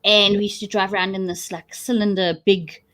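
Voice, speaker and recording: A woman with a South African accent, chatting casually with lively, jokey asides. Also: medium pitch, a little fast. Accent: South African English. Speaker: co-host. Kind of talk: casual chat.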